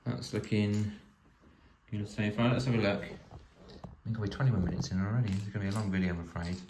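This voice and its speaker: A man's voice: lowish voice, fairly even intonation, a little fast, a little mellow. A man hosting a home video, thinking aloud as he builds, with dry jokes. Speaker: vlog host building a toy set. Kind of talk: casual step-by-step commentary. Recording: echoey room with faint noise.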